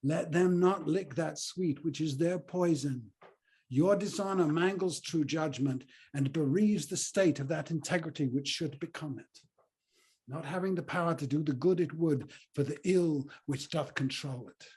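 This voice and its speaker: An actor playing a proud, fierce Roman general with a husky voice, speaking in a scornful, declamatory way. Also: male voice, a little high, moderate pace, darkish tone. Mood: defiant. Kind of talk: stage play reading.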